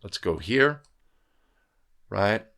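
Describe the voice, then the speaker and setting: A man's voice: lowish voice, big pitch swings, drawn-out words, creaky, fairly bright tone. Emphatic man coaching basketball referees. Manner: coaching, emphatic, with frequent "right?" tags. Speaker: basketball officiating instructor. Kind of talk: instructional video commentary.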